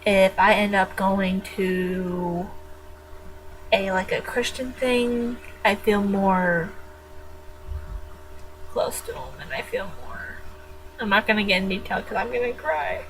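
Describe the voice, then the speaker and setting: A woman's voice: mid-range voice, slow, pauses often, noisy background. A teenage girl chatting casually in her own vlog, rambling and jokey with frequent giggles. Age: teens. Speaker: vlogger.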